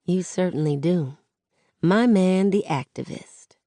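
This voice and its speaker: A woman voicing a loving middle-aged mother who speaks in a measured, no-nonsense way. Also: on the low side, mellow, no echo, studio quality.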